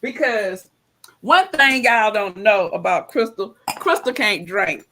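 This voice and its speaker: A woman's voice: medium pitch, expressive, slow pace, sharp tone, slight background noise. A woman hosting a casual live-stream chat over a video call, chatty and affectionate, laughing often. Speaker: host.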